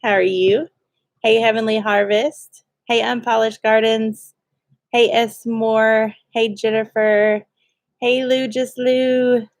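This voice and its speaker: A woman's voice: a little high, little pitch movement, slow pace, dry recording, clean studio sound. A woman, co-hosting a homestead livestream and cheerfully greeting viewers by name with frequent laughs. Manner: cheerful, laughs often, reads viewer names.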